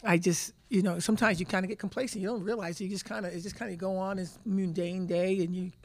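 A woman's voice: mid-range voice, fairly even intonation, fast, a little mellow. A woman in her fifties, a head basketball coach answering press conference questions, telling stories emphatically and repeating words as she thinks.

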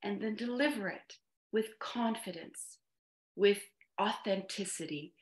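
A woman presentation coach giving an online workshop talk over a video call, speaking deliberately and stressing key words. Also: medium pitch, echoey room.

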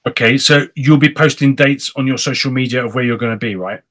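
An English man hosts a relaxed chat show in a middle-pitched voice. He talks in a chatty, animated way and tosses in playful asides. He sounds easygoing and at home with his guest. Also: fairly quick. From England. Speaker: host. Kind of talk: casual chat.

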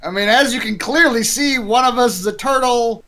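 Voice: mid-range voice, moderate pace, bright, forceful tone. A player in a tabletop game, bantering in character with dry wit. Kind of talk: casual tabletop role-play.

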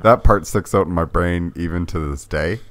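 A man co-hosting a podcast, talking casually in halting bursts full of fillers and self-deprecating jokes. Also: low-pitched, dry recording. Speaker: podcast co-host. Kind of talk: casual chat. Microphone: podcast mic.

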